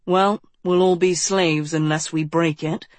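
A woman voicing a serious, determined young prince who speaks low and firm in an audiobook. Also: fairly even intonation, a little slow, dry recording, natural voice. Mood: earnest.

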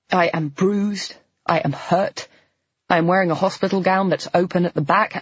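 Woman, audiobook narrator, first-person story, tense and measured, breathy voice, dull lo-fi sound. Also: deep voice, no echo. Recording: dull, slightly lo-fi dry recording.

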